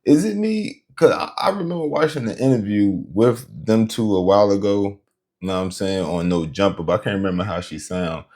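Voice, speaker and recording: Male host, very low voice, casual and rambling, talks to the audience. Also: fairly quick, darkish tone. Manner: loose, rambling, talks straight to viewers. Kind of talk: casual reaction commentary.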